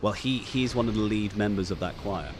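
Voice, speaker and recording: A man's voice: lowish voice, brisk, noisy background. A young man from England co-hosting a casual livestream chat, stammering and repeating words as he talks. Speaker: podcast co-host.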